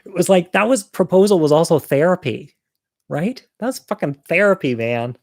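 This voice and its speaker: A man's voice: a little high, lively intonation, normal speed, darkish tone, no room sound. Man telling a personal story, dry close sound. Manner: casual, profane, acts out quoted dialogue. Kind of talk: personal story told to an audience.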